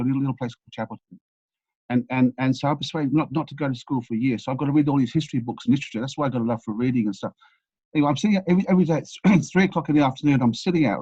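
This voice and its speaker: An English man in his sixties, a podcast guest, rambles through stories about his life in a casual interview, often restarting and repeating words. His medium-pitched voice is a little mellow and husky, recorded lo-fi with no echo.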